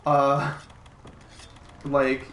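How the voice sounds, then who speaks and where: A man's voice: mid-range voice, monotone, a bit bright, slight background noise. A young man who is a guest on a casual gaming podcast, speaking hesitantly with many ums and restarts while he plays. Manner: hesitant, halting speech full of ums while playing a game. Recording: echoey room.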